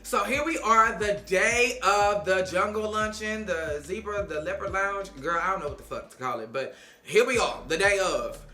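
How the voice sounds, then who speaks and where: A woman's voice: medium pitch, normal speed, bright, forceful tone. A woman recapping reality TV in a casual, blunt and sassy way, swearing freely and talking straight to the cast. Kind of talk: casual, profane TV recap vlog. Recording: echoey room, faint music.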